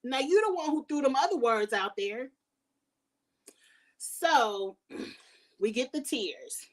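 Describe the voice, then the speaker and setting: A woman's voice: sits high, expressive, slow, recorded from a distance. A woman hosting a casual review vlog, recapping a reality show in a sassy, shady, blunt way.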